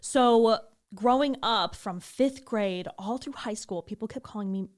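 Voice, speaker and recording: A woman's voice: on the high side, unhurried. A young woman co-hosting a podcast, telling a story in a casual chat, acting out quotes and swearing freely. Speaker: podcast co-host.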